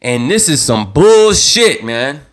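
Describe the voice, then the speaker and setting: Taking his time, a man with a fairly high voice and big swings in pitch hosts a live talk show streamed on his own channel. He gets worked up and passionate, with repeated words and swearing running through his impassioned commentary.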